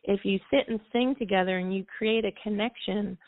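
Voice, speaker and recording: A woman guest speaks with a gravelly edge, explaining at length and now and then singing short phrases to make her point. Her voice comes through a tinny, dry phone line. She sounds like a practiced trainer talking to a radio host. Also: medium pitch, fairly even intonation, normal speed, no echo. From United States. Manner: explanatory, sings snippets of songs to illustrate. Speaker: music therapist guest. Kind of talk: call-in radio interview.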